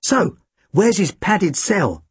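A man puts on an oblivious, punning detective, full of cheerful tactlessness. His voice sits fairly high and husky, leaping about with lively swings in pitch. The reading is dry and close, with no room sound. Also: slow pace, no echo, heavily acted. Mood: tactless jokey. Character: pompous bumbling male private detective, cheerfully tactless.

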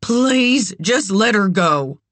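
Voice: medium pitch, expressive, slow pace, fairly bright tone, no echo. A reader voicing a wounded woman fighting to protect a child in an audiobook thriller, her voice pleading and tearful. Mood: anguished. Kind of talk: audiobook character voice.

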